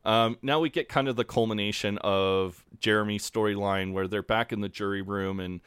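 Low-voiced guy on a podcast, laid back, lots of ums, dry close sound. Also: moderate pace, clean tone, no room sound. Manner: relaxed, many fillers, acts out quotes. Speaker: podcast co-host. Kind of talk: casual chat recapping a TV episode.

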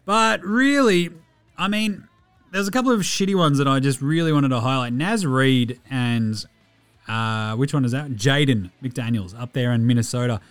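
A man's voice: medium pitch, normal speed, clean tone, no echo. A man hosting a casual basketball recap podcast, rattling off stats and swearing freely. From Australia. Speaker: podcast host.

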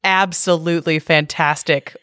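A woman's voice: low-pitched, steady tone, moderate pace, fairly bright tone, no echo, clean studio sound. A woman co-hosting a podcast in casual chat, blunt and emphatic with her opinions. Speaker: podcast co-host.

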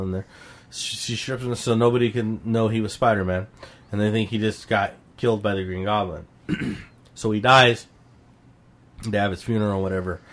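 A man co-hosting a casual podcast chat, retelling a comic plot in a heated, profane way. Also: on the low side. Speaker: podcast co-host.

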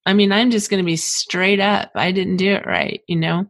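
A woman's voice: medium pitch, steady tone, moderate pace, dry recording. A middle-aged woman hosting an interview, speaking candidly and reflectively about her own parenting. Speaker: host. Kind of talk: interview talk.

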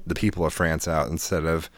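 A man's voice: rumbling low, flat delivery, fairly quick, no room sound. A man co-hosting a podcast, telling stories animatedly, swearing freely and acting out the people he quotes. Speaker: podcast co-host. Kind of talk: casual podcast chat.

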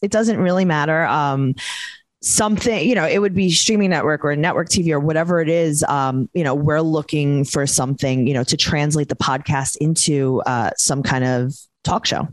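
A woman's voice: low voice, moderate pace, no room sound. A woman from Queens with a New York accent, a comedian and podcaster chatting brashly as an interview guest. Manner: brash, chatty, trash-talking. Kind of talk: casual interview chat.

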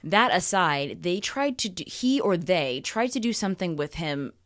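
A woman co-hosting a podcast, chatting casually about a film in a playful, expressive way. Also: lowish voice, normal speed. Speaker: podcast co-host. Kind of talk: casual movie review chat.

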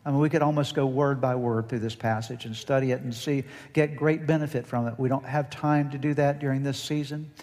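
A man's voice: medium pitch, steady tone, fairly quick, hardly any pauses, a little mellow, long reverb tail. A man preaching a sermon as pastor, leading the congregation in call-and-response and growing more intense as he goes.

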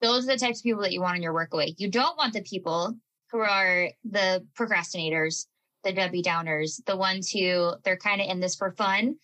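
A woman's voice: mid-range voice, a little fast, bright, forceful tone, rough recording. A woman co-hosting a podcast in casual chat, speaking firmly and laughing easily. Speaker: podcast co-host.

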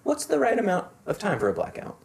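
A man's voice: sits high, huge pitch swings, fast, vocal fry, a crowd in the background. A man hosting a podcast, chatting casually and explaining things in long, joking, rambling stretches. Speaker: podcast host. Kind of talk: casual chat. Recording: roomy room.

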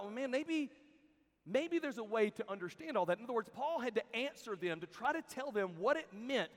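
A man preaching a sermon to a crowd in a large hall, telling stories in an animated way and acting out the people he quotes. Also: high-pitched. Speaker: camp speaker. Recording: long hall reverb.

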